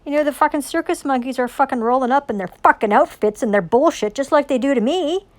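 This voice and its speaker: A woman who styles herself a religious preacher delivers a rambling, intense monologue about scripture. She talks fast in a high voice, swears often and keeps firing off rhetorical questions, coming across as intense, profane and preachy.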